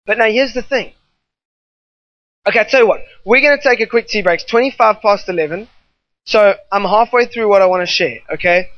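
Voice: mid-range voice, fairly quick, dry recording. An emphatic preacher delivering a sermon, leaning on repetition and drifting into off-the-cuff asides. The recording is dry, with no room sound, and slightly dull and muffled in tone.

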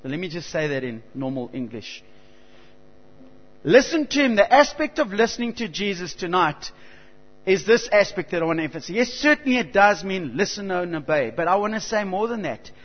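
Male preacher, high voice, earnest and stop-start delivery, lo-fi hall recording with hum. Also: big pitch swings. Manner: earnest, halting, with frequent restarts and swells of emphasis. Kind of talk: sermon. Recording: dull lo-fi recording with long hall reverb and mains hum.

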